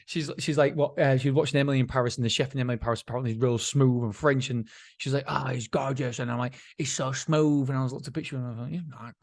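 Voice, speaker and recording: A man's voice: mid-range voice, fairly even intonation, racing. A middle-aged man hosts his own podcast in a casual, rambling, self-mocking monologue, laughing often. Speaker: podcast host.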